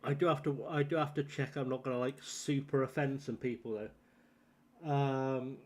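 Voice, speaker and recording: A man's voice: medium pitch, steady tone, normal speed, a little mellow. A man on a casual live stream, rambling and joking, swearing freely as he plays.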